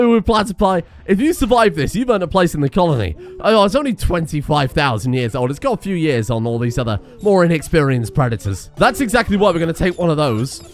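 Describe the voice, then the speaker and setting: A man casually commentating his own gameplay, breaking into exclaims and laughter. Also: a little high. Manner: excitable, laughs and exclaims in bursts. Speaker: gaming video host.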